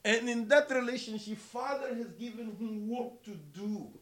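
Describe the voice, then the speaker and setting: A middle-aged man preaching a sermon, speaking slowly and deliberately, repeating key words for emphasis and addressing listeners as brother and sister. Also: very high-pitched, a bit bright.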